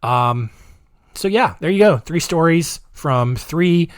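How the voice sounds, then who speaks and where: A man's voice: on the high side, expressive, slow pace, smooth, dry recording. A man hosting a podcast in a casual monologue, rambling, offhand and sarcastic, on a close mic. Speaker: podcast host.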